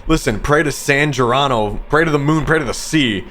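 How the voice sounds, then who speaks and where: A man's voice: medium pitch, fairly quick, fairly bright tone, slight background noise, pitched above the performer's own voice, natural voice. A man voicing a pushy, exasperated loan shark who makes threats, reading game dialogue aloud. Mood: impatient.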